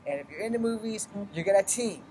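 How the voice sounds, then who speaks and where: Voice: medium pitch, lively intonation, fast, warm tone, a little hiss or hum. Blunt, cursing martial arts teacher. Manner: blunt and profane, with frequent cursing; explains step by step while moving through drills. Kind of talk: casual demonstration vlog.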